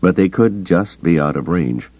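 Man as calm young knight: soft-spoken, measured, dry dull tape. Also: sits low, no echo, pitched above the performer's own voice. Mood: quiet. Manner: quiet, measured questions.

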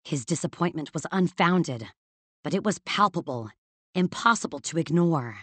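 Female audiobook narrator, low-set voice, measured dramatic reading, dry studio sound. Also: animated, a bit bright, no room sound. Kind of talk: scripted fantasy narration.

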